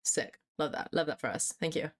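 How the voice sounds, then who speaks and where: A woman's voice: sits low, lively intonation, brisk. A young woman streaming live, chatting casually with her chat in a scattered way, swearing freely and laughing often.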